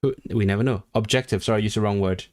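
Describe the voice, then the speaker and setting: A man's voice: lowish voice, steady tone, very fast, darkish tone. A man casually talking to his live-stream viewers, rambling with frequent restarts and fillers. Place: living in the North of England.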